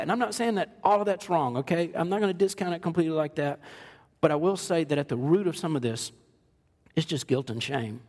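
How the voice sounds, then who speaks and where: Middle-aged male pastor, fairly high voice, chatty joking sermon delivery, long hall reverb. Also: breathy edge. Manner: conversational, joking, acts out quoted voices.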